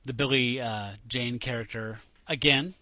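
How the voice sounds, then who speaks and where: A man co-hosting a podcast, chatting in an animated, rambling way. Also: medium pitch, unhurried, no room sound. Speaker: podcast co-host. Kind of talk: casual chat.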